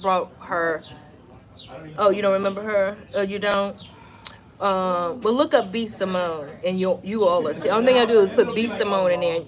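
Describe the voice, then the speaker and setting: A woman vlogger chatting casually on a live stream, talking straight to her viewers in an emphatic, conversational way. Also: medium pitch. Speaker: wellness vlogger.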